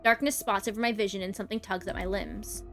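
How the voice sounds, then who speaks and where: A jealous, brooding young woman, read aloud by a woman streamer, quiet and intense in a visual-novel story. Her mid-pitched voice stays low-key and inward, turning over her resentment. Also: fairly even intonation, fast, soft background music, lightly acted.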